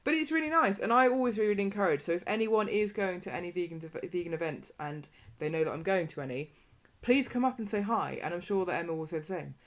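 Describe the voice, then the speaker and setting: A woman hosting a relaxed podcast conversation. She rambles on in a chatty way and turns animated when she retells a story. Her voice sits a little low. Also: fast talker, few pauses. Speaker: podcast host. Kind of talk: casual podcast chat.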